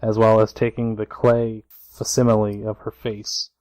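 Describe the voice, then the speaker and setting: A young man co-hosting a podcast, giving a steady plot recap with dry asides. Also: fairly low pitch, normal speed, clean tone, no echo, poor audio. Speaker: podcast co-host. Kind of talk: casual comedic recap chat.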